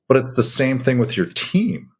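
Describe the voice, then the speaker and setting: A man's voice: medium pitch, very animated, normal speed, slightly rough. A middle-aged man co-hosting a coaching podcast, talking in a blunt, folksy, conversational way. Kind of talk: casual coaching talk.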